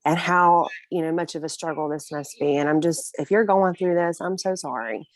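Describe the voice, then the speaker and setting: Young woman, lower voice, dry close sound, earnest emotional storytelling, casual interview guest. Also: steady tone, moderate pace, no echo.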